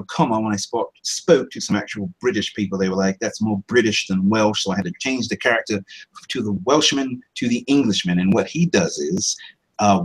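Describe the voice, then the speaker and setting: A man's voice: lowish voice, husky, low-quality recording. A man who works as a voice-over artist and actor, talking casually in an interview about his characters. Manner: animated, slips into character voices.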